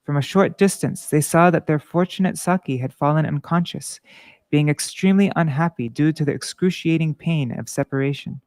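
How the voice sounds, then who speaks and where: A man reading devotional scripture and commentary aloud to a class, measured and earnest, with small restarts. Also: a little high, a little mellow, no room sound.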